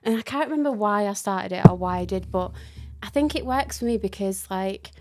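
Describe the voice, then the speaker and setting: A woman, a guest on a casual podcast, chatty and self-deprecating and quick to laugh. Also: medium pitch, lively intonation, faint music behind. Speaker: podcast guest, digital marketing manager.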